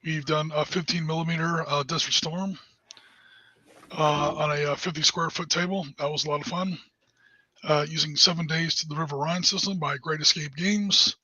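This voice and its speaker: Husky, bright-toned male co-host; chatty, hesitant; dry, dull lo-fi mic. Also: fairly high pitch, steady tone, moderate pace, dry recording. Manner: chatty, hesitant with many uhs. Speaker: podcast co-host. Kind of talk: casual podcast chat.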